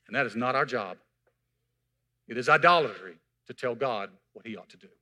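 A man's voice: mid-range voice, animated, brisk, bright, forceful tone. A man preaching a sermon, calling out to the congregation as he teaches and tells the story. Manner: preaching with call-outs to the congregation. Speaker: pastor.

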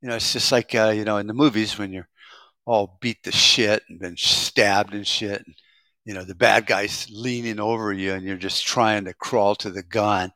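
A man's voice: lowish voice, steady tone, normal speed, sharp tone, no echo. An American man giving a rambling, profane monologue as a prepper vlogger, with frequent restarts.

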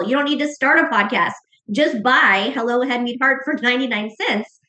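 A middle-aged woman talks openly and earnestly, often restarting her sentences. Her voice sits fairly high. The room around her rings with a clear echo. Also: a bit bright. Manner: earnest and emotional, quick restarts. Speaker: guest author. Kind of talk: personal story in a podcast interview. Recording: echoey room.

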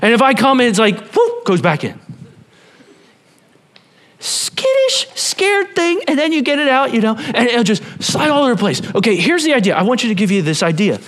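A man preaching a sermon to a church congregation, animated and playful, talking straight to the people in front of him. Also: very high-pitched, fast talker, few pauses. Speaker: pastor.

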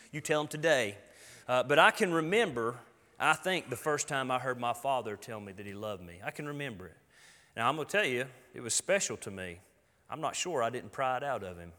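A man's voice: medium pitch, bright, forceful tone. A middle-aged man, preaching a sermon in an earnest, folksy, emphatic way. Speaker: pastor. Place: church sanctuary. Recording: long hall reverb.

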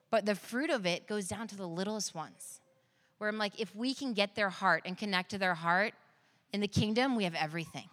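A woman in her thirties gives an earnest sermon full of personal stories. Her voice is bright and forward. It rings with the long reverb of a large hall. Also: medium pitch. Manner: earnest, storytelling, laughs at her own stories. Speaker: preacher.

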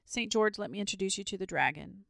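Lady reading as a worked-up little village boy, impatient and earnest, gravelly edge, dry close sound. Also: medium pitch, expressive, quick pace, a bit bright, dry recording. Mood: brisk. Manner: impatient, pleading, matter-of-fact.

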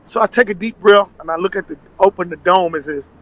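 Speaking quickly in a high, somewhat bright voice, this Nashville man, once a cooking show contestant, appears as a podcast guest and animatedly recounts his story in casual talk, voicing the dialogue he quotes. The recording sounds muffled.

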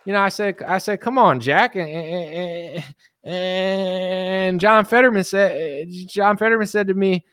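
A man doing a halting, stumbling impression of a folksy, confused elderly male politician in a comedy video. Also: high voice, fairly bright tone, smooth, no room sound, studio quality, voice pushed up. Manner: halting, stumbling, repeated words.

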